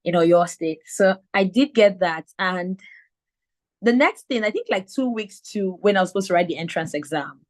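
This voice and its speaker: A Nigerian woman in her thirties, speaking with a Nigerian accent and a slight lisp, tells her story as a mentor on a live video call. Her voice is medium-pitched at a moderate pace, and she's an animated storyteller who acts out the quotes.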